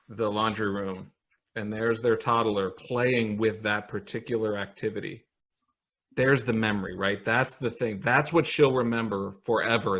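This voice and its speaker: Bright, forceful male podcast co-host. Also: on the low side. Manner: enthusiastic, repeats himself, joking. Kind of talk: casual podcast chat. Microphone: video call.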